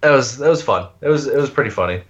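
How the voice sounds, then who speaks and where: A man's voice: mid-range voice, expressive, fast, breathy edge, muffled recording. A man co-hosting a casual podcast chat about a TV show, laid-back, with frequent laughs and fillers. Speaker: podcast co-host.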